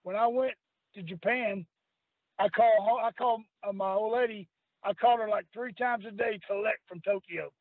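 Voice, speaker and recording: Calling in to a radio podcast, an older former wrestler spins rough, salty yarns, quoting people and laughing a lot in a remarkably high voice. His intonation stays fairly even at a moderate pace, heard over a tinny, dry phone line with no room sound.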